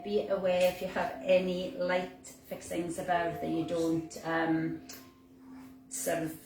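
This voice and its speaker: A woman guides a Pilates class at an unhurried pace, her voice pitched a little low. She is some way from the mic in a roomy space in a house, with faint background noise. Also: vocal fry, far from the mic. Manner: calm, slow cueing of breaths with fillers. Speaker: fitness instructor. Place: room in a house.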